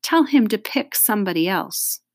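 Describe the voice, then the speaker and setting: A woman's voice: medium pitch, lively intonation, normal speed, no room sound, voice pushed up. A woman voicing a despairing little schoolboy. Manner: strained, despairing. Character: worried young schoolboy, discouraged.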